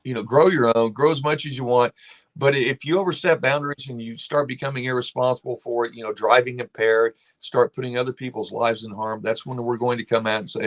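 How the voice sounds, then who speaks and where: A man speaking as a guest lawmaker on a talk show, his voice sitting at an everyday middle pitch. He talks in an emphatic, blunt way and drifts into storytelling. His delivery is impassioned. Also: fairly even intonation, a little fast.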